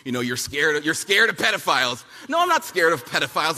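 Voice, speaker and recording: A man giving a punchy, fiery speech at a youth summit. He repeats lines for effect and mocks people with quick impressions. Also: a little high, very animated, bright, forceful tone, a little hiss or hum. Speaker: speaker at a youth political summit. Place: large hall at a summit, with an audience. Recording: big hall with long reverb and a faint crowd.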